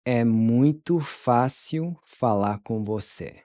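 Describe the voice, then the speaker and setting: A man teaching pronunciation, breaking words into sounds and repeating them slowly and carefully. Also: fairly low pitch, expressive, dark tone, dry recording, studio quality. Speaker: language teacher. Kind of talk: slow, careful pronunciation lesson.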